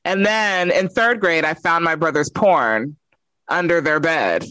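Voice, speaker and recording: A woman telling a funny childhood story in a casual chat, animated and laughing as she goes. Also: low-pitched, unhurried, no room sound, poor audio. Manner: animated, laughs through her stories.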